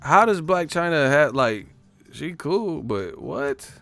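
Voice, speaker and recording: A man hosting a casual live stream, chatting and mocking commenters in slangy, animated talk, with faint music behind. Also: on the high side, takes it slowly.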